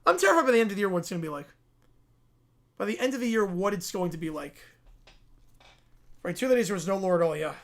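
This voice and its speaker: High-pitched guy hosting a stream, chatting casually, kinda incredulous at everything. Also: lively intonation, fast talker, pauses often. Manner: incredulous, laughing asides. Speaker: livestream host. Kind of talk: casual live reaction chat.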